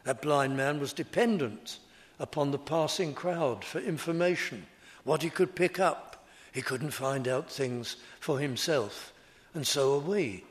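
A man preaching a sermon in slow, deliberate, repetitive phrases. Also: on the high side.

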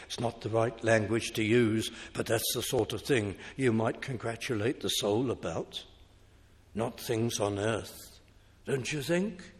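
A man's voice: fairly low pitch, steady tone, moderate pace. A man preaching a sermon in an earnest, compassionate way in a church. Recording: echoey hall reverb.

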